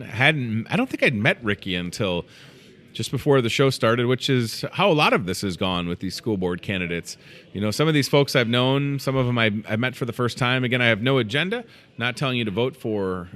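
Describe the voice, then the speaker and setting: Bright-voiced, chatty male show host. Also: medium pitch. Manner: chatty, excitable, joking asides. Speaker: store morning show host. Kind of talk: casual live show chat. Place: inside a grocery store.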